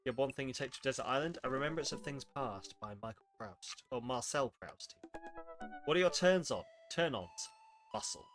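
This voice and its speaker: A man streams a game, reading its text aloud in a casual voice and breaking off into dry, sarcastic asides. His voice is bright and forceful, sitting at an ordinary male pitch. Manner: wry and sarcastic, reading lines aloud and reacting.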